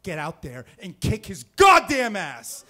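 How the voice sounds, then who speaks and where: A gruff, hot-tempered father barks loud orders as a man acts him out. Each command lands as a shout in this storytelling impression. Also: high-pitched, wildly swooping pitch, measured pace, exaggerated voice. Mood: angry. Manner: barking and shouting.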